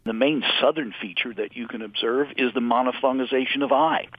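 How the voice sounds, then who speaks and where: A man, a linguistics professor, explaining in a measured, lecturing way in an interview. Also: medium pitch, steady tone, no echo, phone-quality sound. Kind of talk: expert interview.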